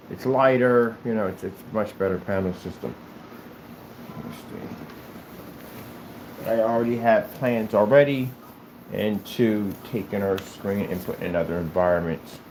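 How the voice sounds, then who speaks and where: A man presenting his company's products in a casual vlog, rambling with many fillers and restarts. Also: deep voice. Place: indoors at his office. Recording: noisy room recording.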